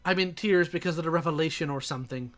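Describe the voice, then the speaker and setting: A man's voice: on the high side, fast, soft background music. A man reading messages aloud and reacting in a sarcastic, exasperated way.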